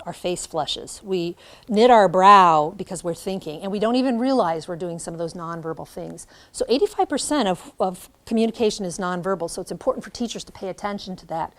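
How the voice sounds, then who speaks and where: A middle-aged woman giving a classroom lecture to student teachers, animated, acting out examples as she speaks. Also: lowish voice. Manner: animated, demonstrates by acting out lines. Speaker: teacher educator.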